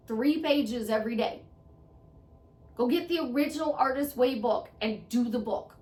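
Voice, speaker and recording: Earnest woman giving advice in an echoey room. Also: sits high. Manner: earnest, conversational, repeats phrases for emphasis. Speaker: self-help vlogger. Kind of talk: motivational monologue to camera. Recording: echoey room, voice a bit far from mic.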